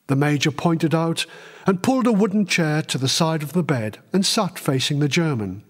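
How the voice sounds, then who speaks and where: A man's voice: a little high, animated, normal speed. A man reading his own book aloud as a dramatic audiobook narrator. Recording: long reverb.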